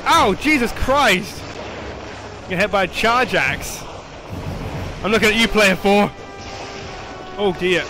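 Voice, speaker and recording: A high-pitched young man commenting on his game as he plays, excitable and foul-mouthed, joking and shouting at his teammates. Clear game music plays loudly behind him. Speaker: gaming channel host. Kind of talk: live gameplay commentary.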